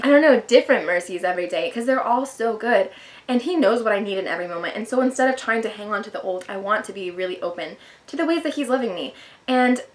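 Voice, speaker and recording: A woman's voice: mid-range voice, fairly bright tone. A young woman vlogger talking earnestly and casually about her faith, chatty and self-deprecating, with lots of filler words. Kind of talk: casual devotional talk to camera.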